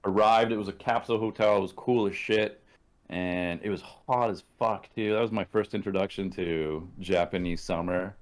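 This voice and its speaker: A man's voice: low-pitched, steady tone, moderate pace. A man from Canada, a podcast guest, telling stories in a casual, profane, laid-back way and acting out what people said. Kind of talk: casual storytelling.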